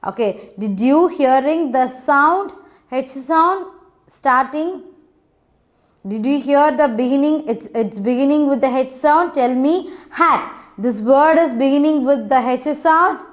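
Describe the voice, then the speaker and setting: Lady teaching kids phonics, high voice, slow, keeps repeating words for them to say back. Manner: coaxing, repetitive, prompting children to repeat sounds. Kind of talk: children's phonics lesson.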